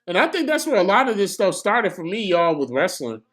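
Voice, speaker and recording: A young man giving casual, slangy live commentary on a boxing match for his stream, excitable and prone to bursts of shouting. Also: sits high, a little fast.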